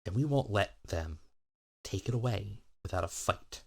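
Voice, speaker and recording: A man's voice: lowish voice, expressive, normal speed, vocal fry, breathy edge, heavily acted. A man voicing an unhinged, paranoid male wrestling boss who gives commands in urgent, clipped speech. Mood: agitated.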